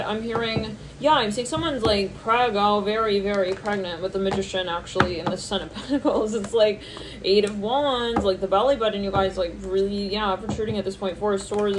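Rambling, giggly woman reading tarot cards. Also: noisy background. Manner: rambling, thinking aloud between card names, often laughing; squeals high-pitched reactions when quoting people. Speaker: tarot reader.

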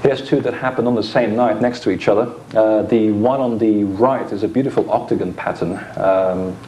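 A man's voice: lowish voice, fairly even intonation, moderate pace, mellow, a little hiss or hum. A man giving an informal conference lecture with slides, explaining with dry asides into a microphone in a lecture hall.

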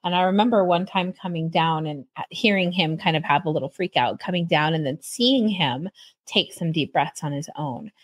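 A woman's voice: deep voice, moderate pace. A woman podcast host chatting with a guest, with hesitant restarts and frequent laughter. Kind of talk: casual interview chat.

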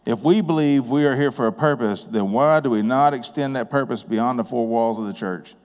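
A man preaches in a folksy, plain-spoken way, his voice sitting at an ordinary middle pitch. He talks to the room like he's chatting with neighbors. Long reverb from the church hall trails behind every phrase. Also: moderate pace, darkish tone. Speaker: guest preacher and business owner. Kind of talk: sermon with personal storytelling. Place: church sanctuary.

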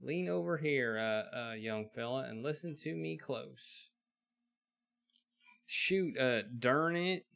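A man voicing a busy, gruff old blacksmith from the frontier days of a video game, with an old-timey western drawl and homespun sayings. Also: mid-range voice, slow, a bit bright. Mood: amazed, secretive.

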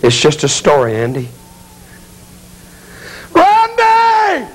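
A man's voice: mid-range voice, normal speed, slightly rough. A man evangelist preaching a dramatic revival sermon in an urgent, pleading way.

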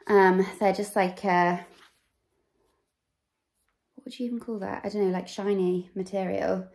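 A woman's voice: medium pitch, steady tone, measured pace, long pauses, darkish tone. A young woman from England vlogging, chatting casually about gifts in a rambling way with many fillers, recorded on a camera mic at home. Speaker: fashion vlogger. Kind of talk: casual chat.

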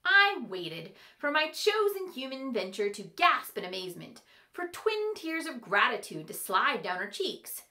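Expressive woman reading a story aloud. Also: high-pitched, a little slow. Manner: expressive, playful.

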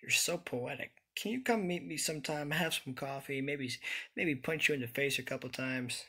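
Young male gamer, husky and a touch high, swearing and exasperated as he plays. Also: normal speed, fairly bright tone. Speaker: gaming YouTuber. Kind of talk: frustrated let's-play commentary. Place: his own room.

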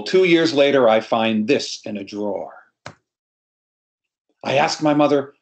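Speaking to a group on a video call the way he would to people in the room, this New York storyteller in middle age recounts a family tale casually. His mid-range voice is a bit creaky and runs a little slow.

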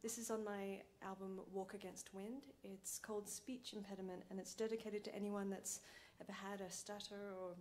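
Soft-spoken woman introducing songs on stage. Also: mid-range voice, level tone, moderate pace, few pauses, a little hiss or hum. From Malaysia. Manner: soft-spoken, with frequent ums and light laughs. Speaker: bandleader. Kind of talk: stage banter between songs. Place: live concert venue. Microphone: stage microphone.

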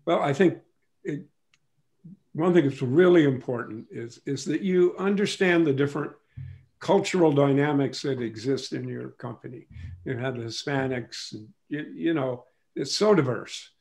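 A man's voice: mid-range voice, moderate pace, creaky, darkish tone. A man from England, a business leader on a panel, giving advice in a conversational way, often saying "you know".

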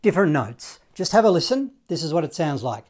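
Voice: mid-range voice, big pitch swings, brisk. A saxophone teacher giving a casual, encouraging online lesson, scatting note rhythms and counting in.

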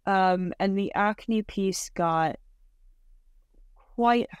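A woman's voice: medium pitch, drawn-out words, clean tone, dry recording, muffled recording. A woman in her thirties, a podcast guest, telling her story in casual talk, full of "like" and "um", with frequent small laughs. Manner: chatty, many fillers like "like" and "um", laughs often.

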